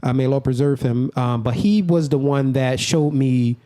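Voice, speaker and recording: A middle-aged man, a comedian guest on a podcast, telling stories in a joking, animated way. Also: medium pitch, normal speed. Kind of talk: casual podcast chat.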